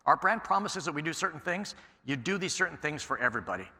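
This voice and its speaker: A man giving a conference keynote, telling stories in an animated way and acting out the dialogue. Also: on the high side, fast talker. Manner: animated storyteller, acts out quoted exchanges. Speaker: keynote speaker. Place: large conference hall. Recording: echoey hall sound.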